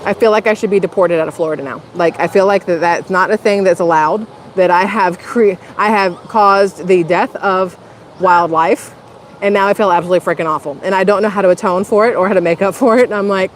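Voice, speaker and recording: A woman's voice: medium pitch, fairly even intonation, a little fast. Chatty vlogger woman, rambling story, faint street noise behind. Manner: chatty, rambling, self-conscious, addresses viewers as y'all. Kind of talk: casual storytelling vlog. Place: outdoors in a public spot.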